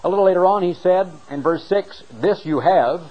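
A middle-aged male preacher with a somewhat high voice. He delivers a sermon with emphatic swings of pitch and loudness. He leans hard on key words as he reads and explains scripture. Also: moderate pace, lo-fi sound.

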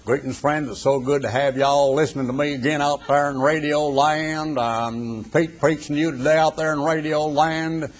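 A man voicing a folksy male radio preacher with a broad put-on Southern accent, drawling slowly. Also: a little high, fairly even intonation, lightly acted.

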